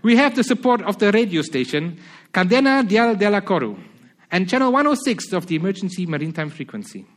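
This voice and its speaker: Preacher putting on a Spanish lighthouse keeper. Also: male voice, high-pitched, fairly quick, voice pushed up. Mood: defiant. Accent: put-on Spanish accent. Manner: loud, insistent, mocking calm. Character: defiant Spanish lighthouse keeper, adult man. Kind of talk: reading a story aloud in a sermon.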